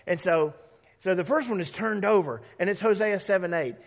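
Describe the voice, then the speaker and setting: A man preaching a sermon as a pastor, conversational and animated, acting out voices of characters and coaxing the congregation to repeat words. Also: high voice, moderate pace, vocal fry, in a large hall.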